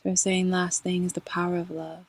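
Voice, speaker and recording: Expressive woman telling a spiritual story. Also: fairly low pitch, a little fast, no echo. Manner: expressive, addresses listeners as y'all, laughs often. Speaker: spiritual channel host. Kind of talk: casual personal storytelling.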